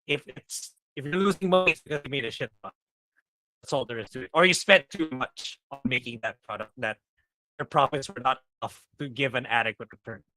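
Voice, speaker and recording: On a podcast recorded through a lagging video call, a male co-host speaks a little fast in a medium-pitched, sharp-toned voice, and the recording sounds dry. The talk is casual, and he rambles and scoffs with plenty of filler words.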